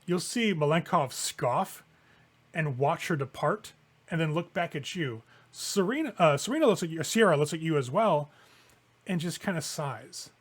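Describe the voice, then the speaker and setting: A man's voice: a little high, lively intonation, moderate pace, slightly rough. A man narrating a tabletop game as game master, descriptive and casual. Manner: descriptive, casual with fillers like "kinda".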